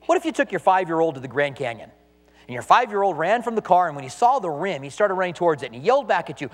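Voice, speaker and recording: Male pastor preaching, high voice, very lively pitch, emphatic, rhetorical questions, echoey hall. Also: fast talker. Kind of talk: sermon.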